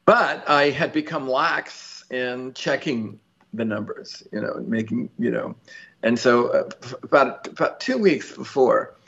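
A man's voice: mid-range voice, measured pace, creaky, a bit bright, lo-fi sound. A man guest in an interview, telling a long story in a rambling, chatty way with many fillers and restarts, laughing easily. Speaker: lottery winner guest.

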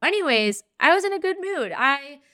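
A woman hosts a podcast and tells a personal story as a spiritual practitioner. Her voice sits a little high, bright and smooth, and she tells it in an earnest, animated way, acting out each remembered conversation. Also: unhurried, no room sound, clean studio sound.

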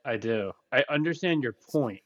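A man's voice: mid-range voice, animated, normal speed, dull audio. A male podcast host in casual chat, teasing and skeptical toward his guest.

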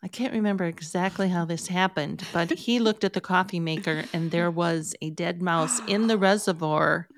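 A woman's voice: on the low side, normal speed, few pauses. An older woman on a podcast, telling a story in an easygoing way. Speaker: podcast guest. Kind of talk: casual chat, storytelling.

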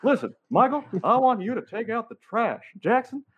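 A man putting on the voice of a gruff, exasperated middle-aged cartoon dad who scolds in drawn-out words. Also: very high-pitched, sing-song, narrow, tinny audio, voice pushed up, full character voice. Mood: scolding.

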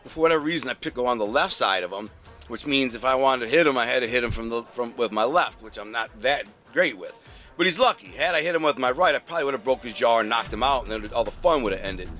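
A man with a bright, forceful voice rambles through a personal story, piling up slang, fillers and restarts. Faint music plays softly behind him. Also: medium pitch, quick pace, highs cut off.

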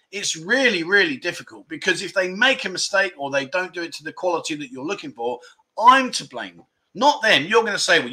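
A casual livestream is hosted from indoors at home by an English man whose voice is on the high side, bright and forceful. He chats, reads out viewer comments, and rambles while making fun of himself.

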